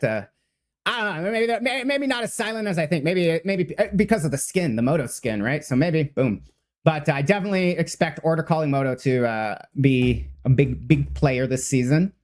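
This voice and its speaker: Rambling excitable male game streamer. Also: on the high side. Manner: rambling, excitable, many fillers and restarts; swears casually. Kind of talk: unscripted live read of patch notes.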